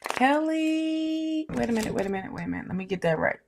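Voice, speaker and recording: A woman co-hosting a live tarot stream, chatting casually with giggles and quick short replies. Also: sits high, lively intonation, noisy background. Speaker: tarot reader and co-host.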